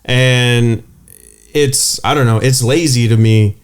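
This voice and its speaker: A man's voice: medium pitch, fairly even intonation, slow pace, smooth. A man co-hosting a podcast in casual chat, hesitant and searching for his words. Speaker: podcast co-host.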